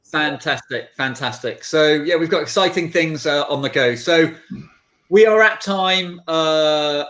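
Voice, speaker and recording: A man's voice: fairly high pitch, measured pace, fairly bright tone. A man hosting a casual video call, joking and stumbling over restarts. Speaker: host.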